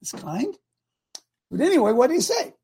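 An older man with a gravelly, husky voice hosts a morning talk show. He preaches in a folksy, emphatic way, pushing some lines out loud and dropping others low. His tone stays plainspoken and conversational. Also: sing-song, moderate pace. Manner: folksy, emphatic, rises and drops loudness for effect. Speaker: host.

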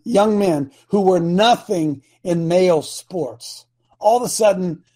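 Fiery and preachy, an older talk-show host makes his political case with great passion, hammering phrases through repetition. He speaks in a fairly high voice with a dark tone and a breathy edge.

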